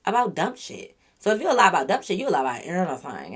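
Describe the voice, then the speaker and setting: A woman's voice: on the low side, quick pace, few pauses, husky. Blunt, swearing young woman venting. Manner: animated, blunt and profane, venting at the listener. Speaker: YouTube storyteller. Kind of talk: casual storytime rant.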